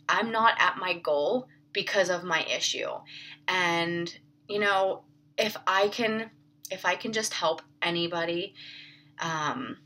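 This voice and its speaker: A woman's voice: mid-range voice, pushed and bright, rough recording. A young adult woman, a fitness coach, talking earnestly and emotionally in a personal confessional vlog, openly critical of herself.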